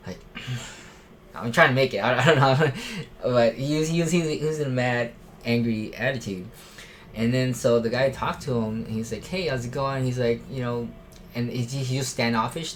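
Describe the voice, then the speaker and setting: A man's voice: medium pitch, a little hiss or hum. Rambling man on church safety. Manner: rambling, many restarts and fillers. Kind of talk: casual unscripted talk.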